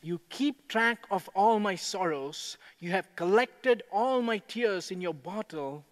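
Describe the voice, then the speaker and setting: A man preaching a sermon as a pastor, with a measured delivery that builds to impassioned proclamation. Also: sits high, expressive. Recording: echoey hall with long reverb.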